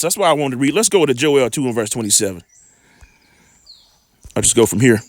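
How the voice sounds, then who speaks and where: A man reading scripture slowly and deliberately, breaking off into casual asides as a teacher. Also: medium pitch, lively intonation, no room sound, studio quality.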